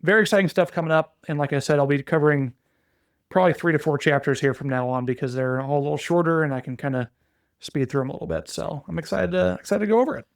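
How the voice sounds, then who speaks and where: A man co-hosting a podcast, retelling fantasy lore in a relaxed, chatty way with frequent restarts and filler words. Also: fairly high pitch, fast talker, vocal fry, no echo, clean studio sound. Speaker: podcast co-host.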